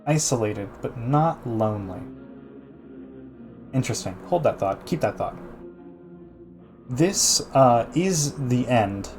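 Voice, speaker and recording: A man's voice: medium pitch, expressive, slow, pauses often, darkish tone, faint music behind. A man streaming a casual art gallery talk, chatty, with many restarts, answering his chat. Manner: chatty, frequent restarts and fillers, laughs easily, reads chat aloud.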